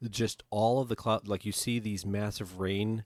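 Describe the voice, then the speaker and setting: A man's voice: fairly low pitch, steady tone, normal speed, darkish tone, a little hiss or hum. A man co-hosting a podcast in casual chat, emphatic and swearing freely. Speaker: podcast co-host.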